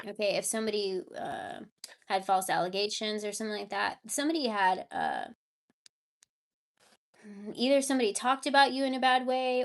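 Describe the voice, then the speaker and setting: A woman giving a live tarot reading, chatting casually with her viewers. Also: a little high. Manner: baby talk to her cat. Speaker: tarot reader.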